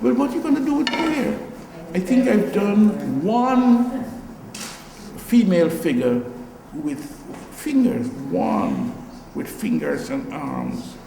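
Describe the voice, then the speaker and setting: An older man from Guyana, an artist giving a relaxed gallery talk, musing and repeating phrases with animated exclamations. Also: high voice, slow, gravelly, roomy sound, in a large hall, a little hiss or hum, rough recording. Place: gallery room.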